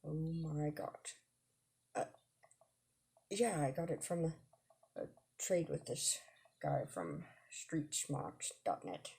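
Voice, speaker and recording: A woman voices Hugo, a nerdy, friendly dad in a dating game, stammering and gushing in a low, gravelly, husky voice. The voice stays close to her own. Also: very animated, slow pace, pauses often, dark tone, heavily acted. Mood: flustered.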